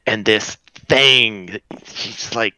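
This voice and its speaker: A game master narrating a tabletop game in a relaxed, stumbling way. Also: mid-range voice, extremely slow, dry recording, low-quality recording.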